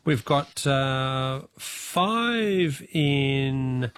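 A man with an Australian accent hosting a talkback radio quiz, brisk and friendly, reading questions and calling out listeners' answers. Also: mid-range voice, expressive, a bit bright, a little hiss or hum.

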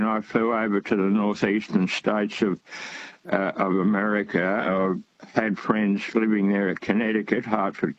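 An older man phones in to a radio show and tells his story in a rambling, halting way. His voice sits low, and the phone line dulls it. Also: no room sound. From Australia. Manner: rambling, hesitant with many fillers. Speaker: caller. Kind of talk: phone-in call.

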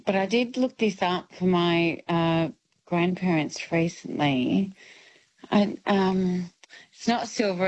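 A woman's voice: fairly low pitch, darkish tone, highs cut off. A young woman calling in to a radio quiz, chatty and rambling, laughing as she tells a family story. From Ireland. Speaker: caller. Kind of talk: casual phone-in chat.

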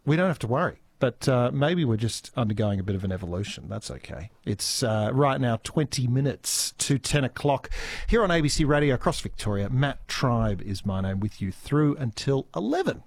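A man's voice: medium pitch, lively intonation, normal speed. An Australian man hosting a regional radio morning show, talking casually with lots of fillers and restarts, reading out listener texts. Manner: chatty, stumbling restarts and fillers. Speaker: radio host. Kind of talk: live radio chat and links. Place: radio studio. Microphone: studio microphone.

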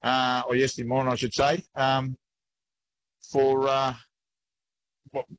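A man with an Australian accent, a fishing guest chatting casually in a relaxed, folksy way. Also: medium pitch, measured pace, no room sound, poor audio. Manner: relaxed, folksy, keeps saying mate. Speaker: angler guest. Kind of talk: casual interview chat.

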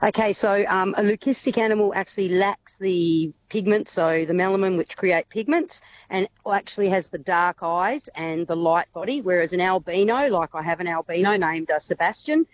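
A woman's voice: fairly low pitch, normal speed. Chatty woman on a dull line. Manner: chatty, hesitant with many ums, laughs often. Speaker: wildlife carer, radio guest. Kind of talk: casual radio chat.

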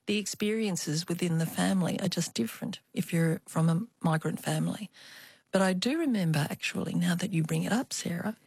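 A woman's voice: mid-range voice, creaky, slightly rough, dry recording, studio quality. An older woman from Australia, a guest in an interview, telling family stories in a reflective way with small hesitations. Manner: warm reminiscing with small hesitations. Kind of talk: reflective storytelling.

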